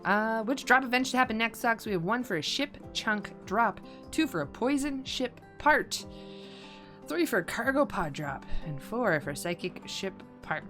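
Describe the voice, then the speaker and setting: A woman's voice: a little high, expressive, normal speed, a bit bright. A woman streaming a colony game live, chatting casually, thinking aloud and repeating herself, over faint music.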